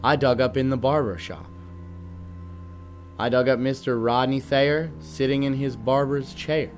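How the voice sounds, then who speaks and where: A young man reading a rhyming children's picture book aloud at a steady, rhythmic pace. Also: mid-range voice, a little slow, faint music behind. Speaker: guest reader, band musician.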